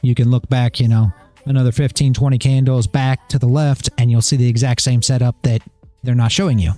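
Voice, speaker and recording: A man's voice: medium pitch, steady tone, a little fast, warm tone, soft background music. A middle-aged man hosting a trading livestream, talking casually in a blunt, rambling way, repeating himself and swearing.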